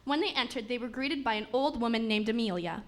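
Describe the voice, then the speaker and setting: A woman's voice: on the high side, brisk. Woman narrating a comic story. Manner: steady reading with small stumbles and restarts. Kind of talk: reading a comic story aloud.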